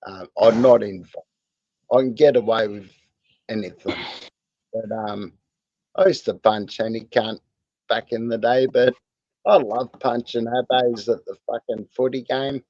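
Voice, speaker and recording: An Australian man with a mid-pitched voice trades crude, profane jokes at a slow, unhurried pace. The sound is dry and close. It comes across dull and lo-fi. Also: steady tone, a little mellow, no room sound. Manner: crude, joking, profane banter. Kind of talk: casual chat.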